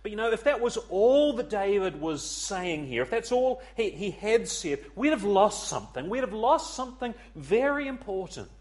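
A man preaching an evening sermon, earnest and pleading, swelling loud and then dropping to a near hush, repeating words as he searches for them. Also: sits high, sing-song, normal speed, hardly any pauses.

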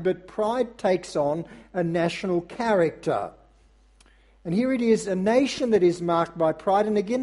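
A man preaching a sermon to his congregation in an earnest, measured way, often pausing on filler sounds. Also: high-pitched, dark tone. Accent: non-American English. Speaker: pastor.

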